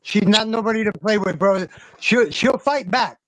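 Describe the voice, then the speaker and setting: Excitable swearing man streaming a game. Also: high voice, normal speed, dry recording, low-quality recording. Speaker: streamer host. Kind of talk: casual stream chat while gaming.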